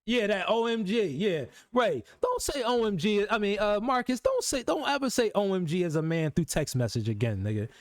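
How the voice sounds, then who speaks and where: A man streaming live talks in with a lively, swooping pitch. He teases and curses freely. His raised voice sits over a dry, close mic. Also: normal speed, hardly any pauses, dry recording. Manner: animated, teasing, swears a lot, mocking quoted voices. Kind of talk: casual livestream banter.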